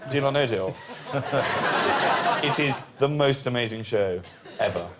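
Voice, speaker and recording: A man on a comedy quiz panel, excitable and gushing, laughing as he tells stories. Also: mid-range voice. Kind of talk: comic panel banter. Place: TV studio. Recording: noisy TV studio.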